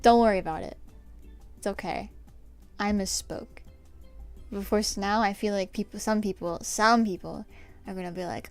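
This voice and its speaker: A woman's voice: medium pitch, steady tone, normal speed, long pauses. Giggly young woman streamer chatting. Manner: chatty and giggly, drifting into soft whispers. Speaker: livestreamer. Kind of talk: casual chat answering a live chat. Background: faint stream music.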